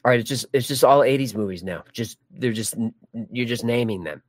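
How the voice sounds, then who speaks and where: A man's voice: medium pitch, lively intonation, brisk, no echo. A man hosting a live stream, chatting casually and joking while reading viewer comments. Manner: rambling, jokey, many restarts. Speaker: livestream host.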